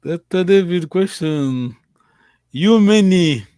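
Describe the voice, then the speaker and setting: A man leads a language class in a slow, unhurried way, with a voice pitched a bit high for a man. He coaches his students patiently and praises them warmly. His voice sounds close and dry, with almost no room sound. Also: animated, clean tone, dry recording. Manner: slow, patient, encouraging drills. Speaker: language teacher. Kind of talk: online language lesson.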